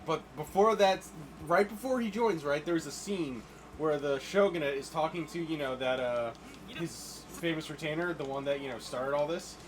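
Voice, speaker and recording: A man's voice: a little high, moderate pace, slight background noise, rough recording. A young man chatting casually over a game he's playing, telling stories and acting out scenes. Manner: chatty, animated storytelling, acts out lines. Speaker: gaming co-host. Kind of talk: casual let's-play chat.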